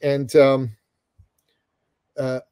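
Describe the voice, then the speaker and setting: A middle-aged man from Iran, a guest telling a story in an interview, animated and calling the host brother. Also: medium pitch, extremely slow, clear, resonant tone, no echo.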